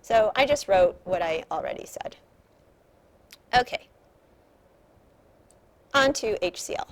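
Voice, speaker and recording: A woman's voice: mid-range voice, expressive, slow pace, slight background noise. A woman chemistry teacher explaining slides in a recorded lecture, patient and repetitive, stressing key points.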